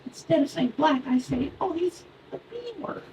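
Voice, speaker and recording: A man voicing a cheeky, blunt first-grade boy in a stand-up bit, heard from far off over room noise. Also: moderate pace. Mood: matter-of-fact. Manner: high, childish, matter-of-fact.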